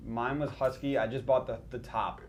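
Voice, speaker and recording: A man's voice: medium pitch, fairly even intonation, moderate pace, slight background noise. A man hosting a casual livestream, tired after little sleep and rambling with restarts. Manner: rambling, self-mocking, with many restarts. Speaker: stream host.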